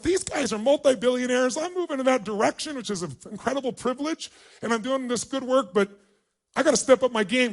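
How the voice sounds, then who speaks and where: A man giving a motivational speech, telling a personal story with emphatic, emotional delivery. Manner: emotional, emphatic storytelling with big pitch swings. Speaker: motivational speaker.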